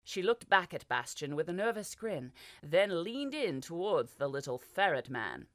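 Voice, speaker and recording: A woman narrates a fantasy audiobook in a lowish voice. Her reading moves up and down with a lot of life. The sound is dry and close to the mic. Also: big pitch swings, moderate pace, few pauses, no room sound. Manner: voices characters with small shifts. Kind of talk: scripted narration.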